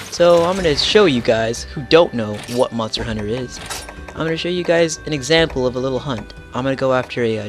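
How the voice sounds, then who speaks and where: A young man hosting a casual gameplay explainer, rambling with many fillers and jokes, over game music. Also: medium pitch. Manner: rambling, filler-heavy, jokey. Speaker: gaming channel host.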